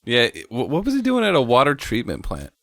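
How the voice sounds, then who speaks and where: A man's voice: mid-range voice, huge pitch swings, fairly quick, vocal fry, fairly bright tone, dry recording. A man co-hosting a casual movie review podcast, laid back, mostly giving short reactions and questions. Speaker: podcast co-host.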